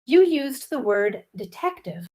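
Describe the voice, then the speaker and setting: A woman's voice: sits high, very animated, measured pace, mellow. A woman co-hosting a lesson for English learners, eagerly asking questions about the story. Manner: curious and eager, asks many questions. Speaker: co-host.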